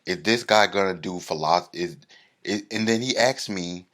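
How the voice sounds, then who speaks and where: A man with a very low, deep voice tells a stand-up story about himself. He mocks himself and lands each beat with animated comic timing. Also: moderate pace. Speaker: comedian.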